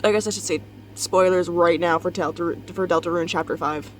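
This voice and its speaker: A woman's voice: fairly low pitch, steady tone, a little fast, a little hiss or hum. A young woman, tired and just out of bed, rambling candidly in a casual confessional vlog from her bedroom, swearing and laughing often. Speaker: vlogger. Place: bedroom at home.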